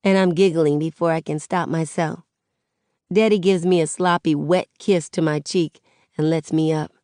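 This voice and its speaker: A woman reads a first-person novel aloud in a low voice, conversational and easy. The recording is close and dry, with no room sound. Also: steady tone, moderate pace, warm tone, dry recording. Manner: conversational teen-voiced storytelling. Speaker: audiobook narrator. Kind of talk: first-person audiobook narration.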